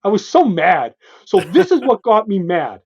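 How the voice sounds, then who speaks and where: A male co-host in an excited comic book discussion, emphatic and animated, pointing out panel after panel. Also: high-pitched, normal speed, breathy edge. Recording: dull lo-fi sound.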